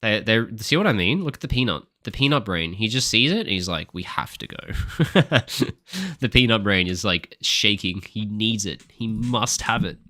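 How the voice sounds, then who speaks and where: Bright, animated man coaching his game live. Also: lowish voice, moderate pace, few pauses. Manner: heated, swearing, barking orders at teammates. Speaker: streamer and coach. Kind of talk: live gameplay commentary.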